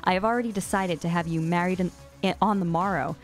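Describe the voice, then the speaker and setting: A woman reading aloud the lines of a cruel, arrogant teenage boy king from fan fiction, in a low voice. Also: quick pace, faint music behind, lightly acted.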